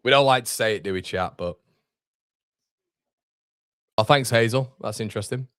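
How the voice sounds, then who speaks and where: Chatting casually through a live football watchalong, a young man reads viewer messages aloud and addresses people as mate. His medium-pitched voice is smooth and a bit bright, at a moderate pace, with clean studio audio and no room sound.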